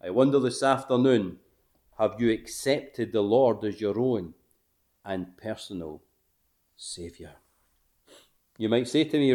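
A man preaching a gospel sermon, emphatic, swelling to forceful peaks and then dropping to hushed endings, asking his listeners questions. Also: lowish voice, animated, takes it slowly, long pauses.

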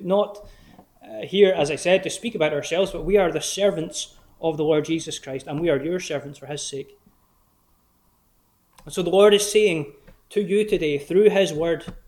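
An earnest man preaching a sermon at a measured pace. His voice sits a little higher than most men's, and he slows down for quoted verses. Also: a little mellow.

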